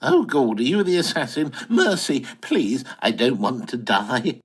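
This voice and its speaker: An actor playing a bumbling, posh English retiree, flustered and hesitant in a comic audio drama. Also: male voice, mid-range voice, sing-song, unhurried. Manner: flustered, posh, hesitant, wildly swooping delivery. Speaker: lead character and narrator.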